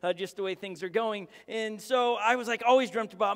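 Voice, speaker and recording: A pastor in his thirties telling a comic story in a sermon, animated and joking. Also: sits high, a little fast, vocal fry. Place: church hall. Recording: long hall reverb.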